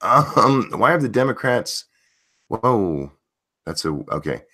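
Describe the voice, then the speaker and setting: A man with a very low, deep voice hosts a casual livestream, reading out chat messages. He talks bluntly and swears freely, with loose conversational rhythm. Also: sing-song, slow, bright, forceful tone, breathy edge. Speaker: streamer host reading chat.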